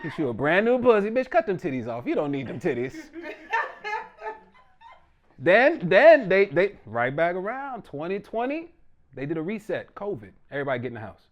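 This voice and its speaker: Guy doing stand-up in his living room, high lively voice, cussing and riffing. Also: normal speed, a little hiss or hum. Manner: loose, profane street talk, animated delivery. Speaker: stand-up comedian. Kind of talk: stand-up comedy set. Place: small living-room stage.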